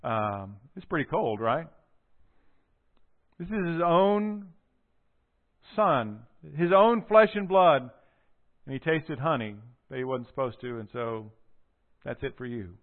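A man preaching a sermon, retelling a scripture story with animated storytelling and acting out the quoted lines. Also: medium pitch, slow, pauses often. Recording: tinny phone-like audio.

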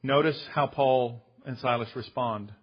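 A male pastor preaching a sermon to his congregation, calling them friends and slowing down to stress key phrases with emphatic conviction. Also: medium pitch, husky, dull audio. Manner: addresses listeners as friends, with some restarts.

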